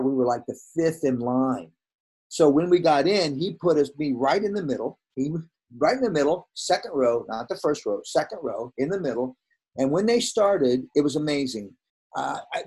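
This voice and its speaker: A man's voice: fairly high pitch, slightly rough. A man in his sixties, a veteran hairdresser, telling stories from his career in a casual conversation and acting out the dialogue. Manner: animated, acts out quoted dialogue.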